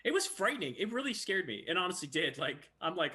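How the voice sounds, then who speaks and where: A man's voice: fairly high pitch, fast. A man, a voice actor, chatting casually and acting out stories. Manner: animated storyteller who acts out quotes. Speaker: voice actor guest. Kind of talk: casual chat.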